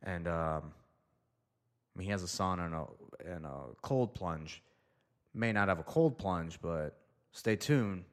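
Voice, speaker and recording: A man's voice: low-pitched, a little slow, long pauses. A young man hosting a casual solo show, rambling loosely and talking to himself as he reads through items. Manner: loose, rambling, talks to himself while reading. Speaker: podcast host.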